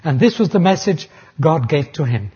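A man's voice: on the high side, very animated, normal speed, mellow, slightly rough. A man preaching a sermon, earnestly explaining terms and sometimes restarting phrases. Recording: dull lo-fi recording.

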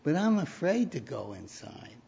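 A man's voice: fairly high pitch, sing-song, moderate pace, creaky, mellow, slightly rough, exaggerated voice. A man voicing a frightened little boy who pleads with his mother in a story told during a sermon. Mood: scared. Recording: dull lo-fi recording.

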